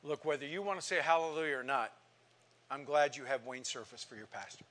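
A man in his sixties teaching a Bible class in sermon style, reading scripture with passion and swinging from soft to loud. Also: mid-range voice, fairly quick, a little hiss or hum. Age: 60s.

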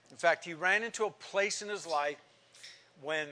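A man in his sixties gives a sermon-style Bible lesson in a bright, forceful voice that sits a little high. He reads scripture with passion, dropping soft and then rising loud. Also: normal speed, slight background noise. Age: 60s. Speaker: Bible teacher.

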